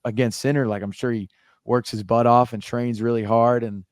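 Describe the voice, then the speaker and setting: A man's voice: mid-range voice, level tone, moderate pace, clean tone, no echo, studio quality. A young American man co-hosting a podcast in casual chat, easygoing and joking, trailing off and restarting often. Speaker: podcast co-host.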